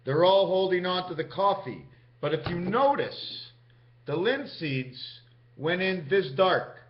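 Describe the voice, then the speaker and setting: A man vlogging in a rambling, free-associating monologue, musing aloud as he goes. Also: fairly high pitch. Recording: dull lo-fi recording.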